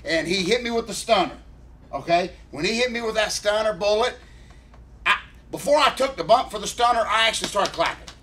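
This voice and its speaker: Earnest man, higher-pitched. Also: expressive, brisk, pushed and bright. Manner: earnest, emotional, keeps addressing co-host by name. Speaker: podcast co-host. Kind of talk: rambling casual storytelling.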